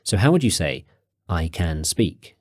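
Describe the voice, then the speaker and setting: Male course narrator, low voice with lively intonation, dry close-mic sound, measured teaching delivery. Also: dry recording. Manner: clear, measured prompts, slows for key phrases. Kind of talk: guided audio lesson narration.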